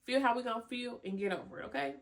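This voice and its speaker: A young woman hosting a podcast, giving animated motivational talk full of slang, cussing and laughter. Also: fairly high pitch, racing. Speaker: podcast host. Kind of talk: motivational casual talk to listeners.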